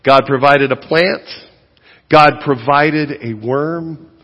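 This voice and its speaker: Animated pastor preaching in a reverberant hall. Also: male voice, on the high side, slow. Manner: animated, swings from loud emphasis to hushed asides. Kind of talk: sermon. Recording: long reverb of a church hall.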